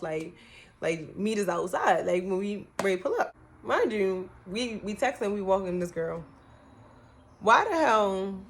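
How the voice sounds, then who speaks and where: A young woman telling a storytime vlog in a casual, animated way, cussing a lot and acting out what people said. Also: mid-range voice. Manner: animated, profane, acts out quotes.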